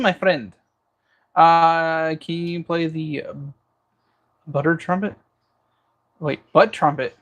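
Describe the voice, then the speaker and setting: A man's voice: on the high side, steady tone, slow pace, pauses often, fairly bright tone. A man hosting a casual livestream from his kitchen, cooking as he talks and joking through viewer comments. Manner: jokey banter, reading viewer comments aloud. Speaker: livestream host.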